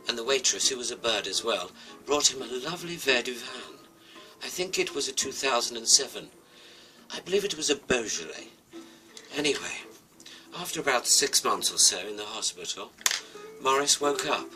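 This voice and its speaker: A man's voice: medium pitch, lively intonation, normal speed, faint music behind, low-quality recording. Playful man telling a silly tale. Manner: playful, swings between hushed asides and loud exclamations. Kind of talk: absurd comic storytelling.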